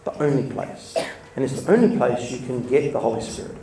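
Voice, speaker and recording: A man's voice: medium pitch, animated, fairly quick, noisy background. A man giving an informal sermon, chatty and storytelling, laughing between points. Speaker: church speaker. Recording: echoey room, mic from a distance, faint ambience.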